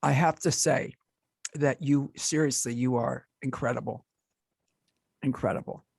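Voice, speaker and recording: Effusive husky male host. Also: mid-range voice, fairly even intonation, unhurried, a little mellow, no echo, clean studio sound. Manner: effusive, stammering with emotion. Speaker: podcast host. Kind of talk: casual interview wrap-up.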